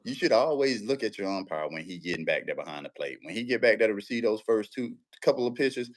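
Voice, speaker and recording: A man, an umpire guest in a casual interview, telling lively stories and often checking in with the listener. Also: on the low side, quick pace. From Central Texas.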